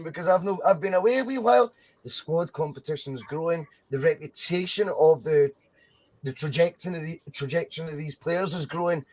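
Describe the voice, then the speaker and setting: Animated Scottish man, slightly high voice. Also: fairly quick. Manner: animated, rambling, swears freely. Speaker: podcast co-host. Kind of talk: casual football chat.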